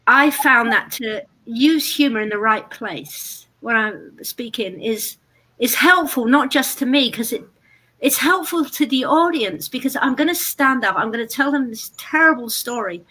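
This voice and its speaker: Casting note: British woman, bright, fairly high voice, dry wit, blunt delivery. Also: expressive, a little slow, poor audio. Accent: British English. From Britain. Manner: dry, blunt, darkly humorous. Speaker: guest speaker. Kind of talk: interview on stage. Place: live event before an audience.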